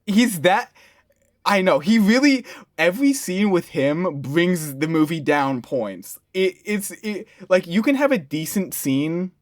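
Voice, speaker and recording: A man's voice: high-pitched, lively intonation, no room sound, studio quality. A young man co-hosting a movie review show, chatting casually and laughing often as he talks. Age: young adult. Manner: laughs often, halting restarts. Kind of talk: casual chat.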